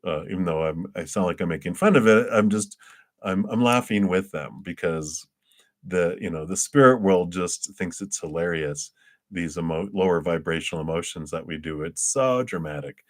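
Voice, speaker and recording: A man's voice: low voice, normal speed. A man doing live-streamed tarot readings, chatty, laughing often and acting out quoted voices. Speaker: tarot reader.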